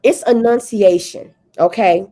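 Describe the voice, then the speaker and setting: A woman's voice: mid-range voice, unhurried. A woman from Memphis with a Southern accent, co-hosting a podcast, telling stories and ranting in casual chat. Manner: animated storytelling, ranting. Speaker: podcast co-host.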